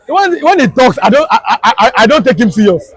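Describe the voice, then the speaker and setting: A man's voice: very high voice, sing-song, a little fast, fairly bright tone, breathy edge, no room sound, poor audio. A Nigerian man with a Yoruba accent giving impassioned street political commentary, emphatic and repetitive in a preachy way. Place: outdoors on a Lagos street.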